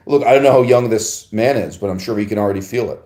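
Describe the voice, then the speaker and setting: A man's voice: fairly low pitch, warm tone, reverberant. A man hosting a podcast, answering a listener's email in a digressive, emphatic philosophical monologue with frequent laughs and rhetorical asides.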